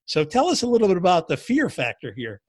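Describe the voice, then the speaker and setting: Man, interviewer, enthusiastic, affirming, somewhat high voice. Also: wildly swooping pitch, fast talker. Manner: enthusiastic, affirming, leading the questions. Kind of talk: interview conversation.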